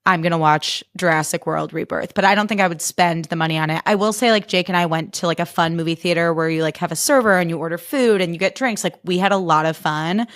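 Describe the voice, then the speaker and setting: A woman's voice: fairly low pitch, fast, hardly any pauses, a bit bright, no echo. Chatty sarcastic woman comedian, dry mic. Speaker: podcast host and stand-up comedian. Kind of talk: casual comic monologue.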